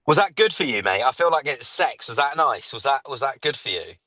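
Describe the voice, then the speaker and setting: A man talking in a bright, forceful voice, joking and riffing through a loose podcast conversation. The sound is dry and close, with no room around him. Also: medium pitch, big pitch swings, no room sound. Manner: jokey, riffing, quick banter with restarts. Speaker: stand-up comedian guest. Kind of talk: casual podcast chat.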